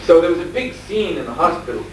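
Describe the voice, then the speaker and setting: Animated man telling a story in an echoey room. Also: on the high side, fast talker. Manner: animated storyteller, laughing, acting out shouts. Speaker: spiritual teacher. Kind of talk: storytelling lecture. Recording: echoey room from far off, faint background noise.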